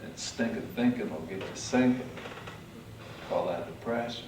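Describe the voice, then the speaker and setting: A man giving a motivational speech, telling his story dramatically, swinging from hushed to loud. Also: medium pitch, moderate pace, distant mic, a little hiss or hum. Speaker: motivational speaker. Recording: echoey hall, mic from afar.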